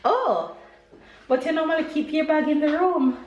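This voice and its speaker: A young woman chatting casually as a vlogger, gushing and excitable. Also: high voice, moderate pace, roomy sound, lo-fi sound, a little hiss or hum. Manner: bubbly, gushing, squealing with excitement. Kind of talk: casual vlog chat. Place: home, then outdoors in a town.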